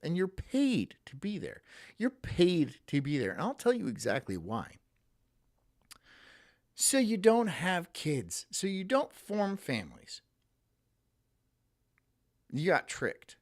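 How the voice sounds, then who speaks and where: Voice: medium pitch, huge pitch swings, slow, pauses often, darkish tone. Brief: ranting streamer, heavy sarcasm and swearing, voice swings up and down a lot. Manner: sarcastic, profane, mocking. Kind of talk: ranting live-stream monologue.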